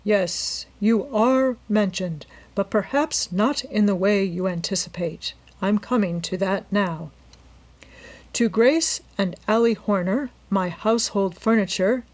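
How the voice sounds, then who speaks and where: Woman doing a calm, courteous male lawyer. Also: mid-range voice, lightly acted. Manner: polite, measured.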